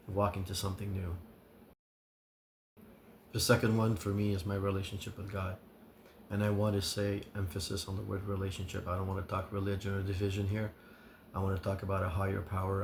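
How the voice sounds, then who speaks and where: A man giving an earnest advice monologue as a recovery vlogger, sincere and measured, listing his points with pauses. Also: fairly low pitch, gravelly, a little hiss or hum.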